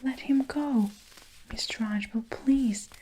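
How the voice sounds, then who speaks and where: A kind young schoolteacher pleads anxiously in a whispered role-play, as a woman puts her on. Her voice rises above the narration, soft and urgent. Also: fairly high pitch, takes it slowly, slight background noise, pitched above the performer's own voice, low-quality recording. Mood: pleading. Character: gentle young female teacher, pleading and kind.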